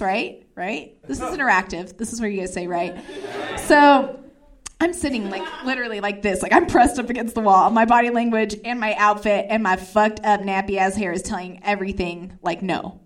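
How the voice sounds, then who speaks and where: A young woman telling a stand-up comedy story, talking fast and acting out every voice in it. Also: mid-range voice. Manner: fast, animated, acts out every voice in her story.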